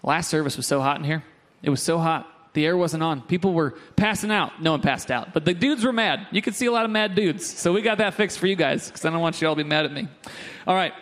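A man's voice: on the high side, fast talker, a bit bright. A young adult man preaching a sermon in a church, moving from earnest teaching to joking asides with the congregation. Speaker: pastor. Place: church sanctuary.

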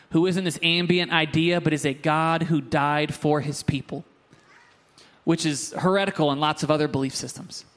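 A young man with a fairly high voice delivers a sermon in a church. He teaches earnestly and turns to the congregation with quick, joking asides. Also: a bit bright. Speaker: pastor. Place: church sanctuary.

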